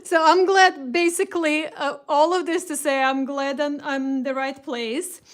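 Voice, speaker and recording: A woman's voice: high-pitched, steady tone, normal speed. A woman hosting a craft livestream, chatting casually, greeting viewers by name and rambling with restarts. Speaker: craft shop host.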